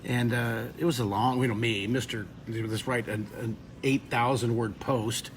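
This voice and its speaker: A man's voice: medium pitch, steady tone, normal speed, slight background noise. Rambling, emotional man teaching drawing. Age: 50s. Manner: rambling, emotional storytelling between drawing steps. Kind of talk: live webcast drawing lesson with chat.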